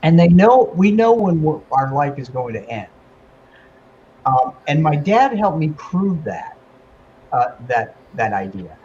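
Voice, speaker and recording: A man guest on a talk radio show, telling an emotional personal story in a casual, animated way with many fillers. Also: on the high side, unhurried, lo-fi sound, a little hiss or hum. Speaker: guest medium and author.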